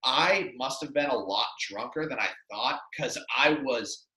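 Bright-voiced rambling young man. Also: medium pitch, measured pace, roomy sound, rough recording. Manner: rambling, self-deprecating, lots of fillers. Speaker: podcast co-host. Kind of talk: casual storytelling chat.

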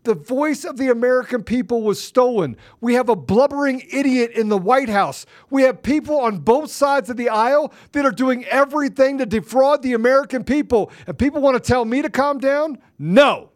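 An agitated man, a guest on a talk show, ranting angrily and forcefully, often repeating himself. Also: very high-pitched, a little fast, few pauses. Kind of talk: heated political rant.

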